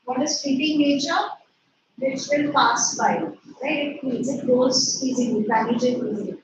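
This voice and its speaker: A woman's voice: high voice, very animated, measured pace. A woman teacher dictating an answer to her class, repeating phrases and spelling words out. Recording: echoey, distant, muffled with noise.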